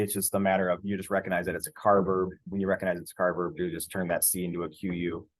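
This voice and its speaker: A man teaching a screen-share Spanish grammar lesson in a relaxed, rambling way, spelling words out letter by letter. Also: low voice, no echo.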